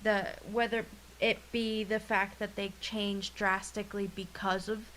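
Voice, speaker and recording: Slow, halting woman over faint hiss. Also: medium pitch, little pitch movement, a bit bright, poor audio. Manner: slow and halting, searching for words. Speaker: podcast co-host. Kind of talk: casual podcast chat.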